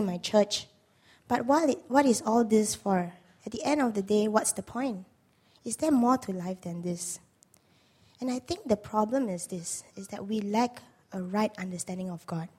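Hoarse woman preaching from Malaysia. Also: mid-range voice, dark tone. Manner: earnest, asks the congregation questions. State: hoarse, lost voice. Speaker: guest preacher. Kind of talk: sermon. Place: church.

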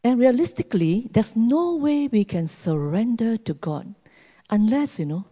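A woman preaching a sermon, earnest and measured, with long pauses between phrases. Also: on the high side, expressive, mellow. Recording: long hall reverb.

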